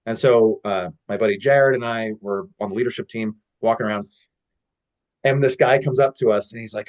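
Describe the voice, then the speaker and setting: A man coaching on a casual call, telling stories with a relaxed manner and lots of "like" and "you know". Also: fairly low pitch, fast talker. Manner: relaxed storytelling with many fillers. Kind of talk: casual teaching talk.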